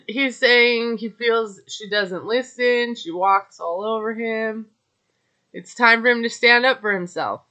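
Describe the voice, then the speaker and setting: A woman recapping a reality episode in a slow, unhurried way, gossiping and passing judgment between her fillers. Her voice is bright and forward, and the recording sounds somewhat dull and lo-fi. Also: medium pitch, clean tone. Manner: chatty, gossipy, judgmental asides with filler words. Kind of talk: casual recap monologue.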